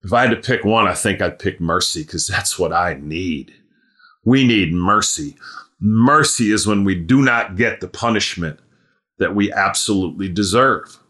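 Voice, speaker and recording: A man preaching a sermon in an earnest voice, rising to loud emphatic peaks and dropping to low, hushed stretches, with frequent restarts as he thinks aloud. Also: normal speed. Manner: repeats and restarts words while thinking aloud.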